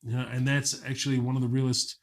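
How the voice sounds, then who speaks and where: A man from Kuwait, a stand-up comedian and guest, telling animated stories in casual chat, swearing freely. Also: medium pitch. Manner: animated storytelling, swears freely, quick impressions.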